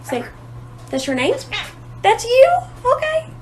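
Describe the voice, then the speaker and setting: A woman's voice: extremely high pitch, huge pitch swings, takes it slowly, a little mellow, a little hiss or hum. A woman repeatedly coaxing her pet parrot to say its name, with insistent questions. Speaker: parrot owner.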